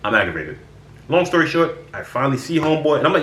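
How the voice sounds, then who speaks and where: A man's voice: fairly high pitch, sing-song, quick pace, fairly bright tone, reverberant. A man casually telling stories about his friends on his vlog. He sounds exasperated and swears freely. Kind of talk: casual storytelling.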